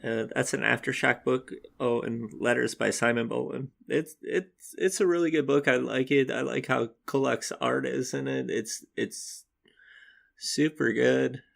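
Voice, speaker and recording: A man with a gravelly edge to his voice, chatting casually as a podcast co-host. He rambles along in an upbeat way and laughs easily, at a middle pitch. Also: steady tone, unhurried. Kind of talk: casual chat.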